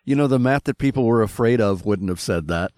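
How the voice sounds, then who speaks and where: A man's voice: mid-range voice, animated, brisk, darkish tone, dry recording. A man co-hosting a podcast, trading crude wisecracks in casual banter. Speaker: podcast co-host.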